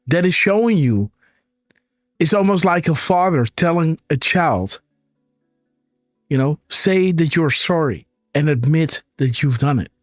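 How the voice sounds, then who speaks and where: Slow-talking male host asking "right?". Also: on the high side, animated, no echo, clean studio sound, soft background music. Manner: tags sentences with "right?", emphatic. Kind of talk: live commentary show.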